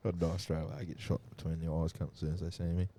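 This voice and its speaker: A man's voice: low-pitched, level tone, racing, mellow, slight background noise. A young Australian man chatting casually on a podcast, telling rambling stories full of swearing. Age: young adult. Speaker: podcast guest. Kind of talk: casual chat.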